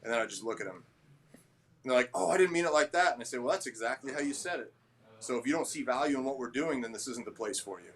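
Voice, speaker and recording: A man who owns a gym talks in a casual interview. His voice sits at a middle pitch, and his manner is blunt and a little abrasive as he acts out people's lines in stories. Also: quick pace, a bit bright. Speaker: gym owner and trainer.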